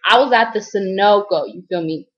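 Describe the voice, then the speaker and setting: A woman's voice: medium pitch, a little fast, highs cut off. Rambling, slangy woman vlogger. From Columbus, Ohio, US. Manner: rambling, slangy, lots of fillers. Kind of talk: casual storytelling vlog.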